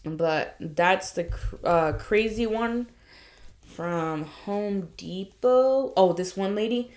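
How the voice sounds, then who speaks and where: A young woman spinning casual stories on a podcast, middle-pitched and animated. She slips into the voices of the people in her stories and swears without a second thought. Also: slow. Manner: animated, acts out quoted voices, swears freely. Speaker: podcast co-host. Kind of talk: casual storytelling chat.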